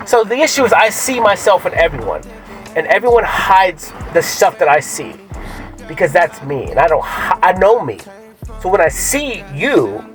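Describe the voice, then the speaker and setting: Man with a slightly raised pitch, loose and rambling, swears a lot, restarts often, music faint behind. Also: poor audio. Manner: profane, rambling, with many fillers and restarts. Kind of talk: casual rambling monologue.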